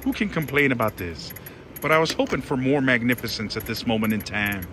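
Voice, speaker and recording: A man giving excited live commentary as he plays slots in a casino, pleading with the machine and making dramatic exclamations. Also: medium pitch, fairly quick. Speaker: slot machine vlogger. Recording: loud casino slot machine music behind. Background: slot machine music.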